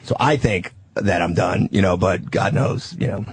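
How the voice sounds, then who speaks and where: A man doing an impression of a rambling middle-aged comedian confessing his relapses on a radio comedy show, with halting, profane talk. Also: low-pitched, slightly rough. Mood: confessional. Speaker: guest in a mock intervention.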